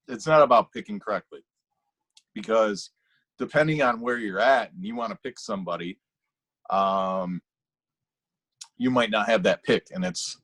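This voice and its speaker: A man co-hosting a casual fantasy football podcast, rambling and restarting his thoughts as he argues a point. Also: on the low side. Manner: rambling, self-interrupting, animated. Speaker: podcast co-host.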